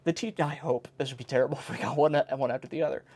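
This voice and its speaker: A man's voice: medium pitch, fast talker, creaky, a little mellow, a little hiss or hum. A man hosting a casual reading of an old joke book, stopping often to make wry comments on each joke. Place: indoor home recording in South Carolina.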